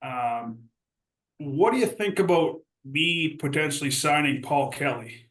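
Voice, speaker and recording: A man's voice: fairly high pitch, lively intonation, a little slow, a bit bright, roomy sound, low-quality recording. A man telling old hockey stories in casual podcast chat, laughing often and acting out quotes. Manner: laughing storyteller, acts out quotes. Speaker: podcast host.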